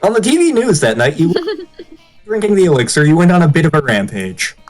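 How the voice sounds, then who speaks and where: A streamer reading game text aloud to friends, giggly and animated. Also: mid-range voice, a little fast, soft background music. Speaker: game narrator.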